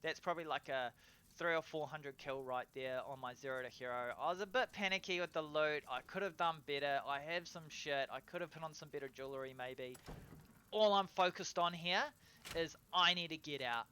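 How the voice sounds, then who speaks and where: A man narrating his own gameplay in a casual voiceover, excitable and swearing, breaking into loud cheers over kills. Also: on the high side, normal speed, clear, resonant tone. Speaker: gameplay commentator.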